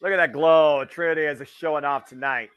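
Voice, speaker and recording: Man, from the Midwest, casual commentary, wisecracking, bright tone. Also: a little high, steady tone, fairly quick, clean tone. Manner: chatty, wisecracking, swears freely. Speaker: wrestling watch-along host.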